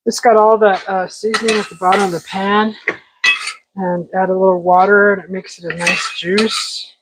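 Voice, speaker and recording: A woman's voice: medium pitch, level tone, moderate pace, background noise. Chatty woman cooking in her kitchen. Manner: chatty, talks to the food while cooking. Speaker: cooking show host. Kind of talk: casual live cooking chat. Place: home kitchen.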